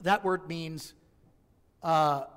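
This higher-pitched man speaks very slowly, with a slightly bright, clean tone. He is a pastor giving a conversational, funny sermon to his congregation in the church sanctuary, doing character voices as he tells stories. Long hall reverb from the church live stream surrounds the recording.

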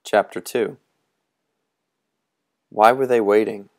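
Deep, slow male storyteller. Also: fairly even intonation, a little mellow. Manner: measured, atmospheric storytelling. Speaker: audiobook reader. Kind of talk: reading a novel aloud.

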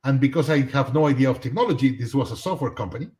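Man telling a lively story. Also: medium pitch, racing. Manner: animated, acts out dialogue in anecdotes. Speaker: guest. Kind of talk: storytelling in a live talk.

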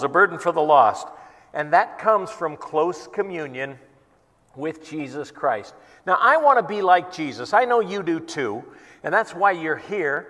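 A man's voice: a little high, a bit bright. A male pastor preaching at a church worship service in an earnest, conversational storytelling manner. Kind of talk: sermon. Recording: long reverb in a church hall.

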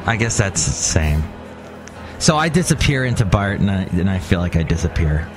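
A man's voice: low voice, big pitch swings, moderate pace, music in the background. A man chatting casually on a podcast, rambling with an uneven pace and trailing off. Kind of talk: casual chat.

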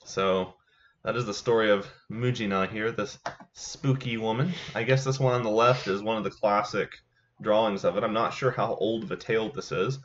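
A young man, a peer mentor, reading a ghost story aloud to students at a measured pace, sometimes correcting himself. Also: lowish voice, fairly even intonation, fairly bright tone, slight background noise. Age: young adult. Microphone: computer mic on a voice call. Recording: dull lo-fi online call audio.

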